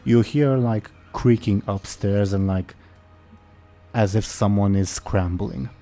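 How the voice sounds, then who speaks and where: Male game master, slow and hesitant, low dark voice. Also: soft background music. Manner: hesitant, many fillers. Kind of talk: narrating a tabletop game.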